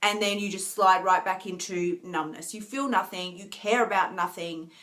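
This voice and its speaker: A tired, emotional woman coach talking earnestly to viewers on a live stream, restarting often and laughing softly. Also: medium pitch, normal speed. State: tired, near tears. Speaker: wellness coach.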